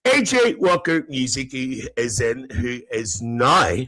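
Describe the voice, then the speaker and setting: A man's voice: sing-song, slow, pushed and bright, exaggerated voice, poor audio. Man doing a cheeky gossiping older auntie. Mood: gossipy. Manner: chatty, teasing, laughs between lines, swoops into high squeals. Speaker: live-stream host. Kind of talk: live comedy character stream.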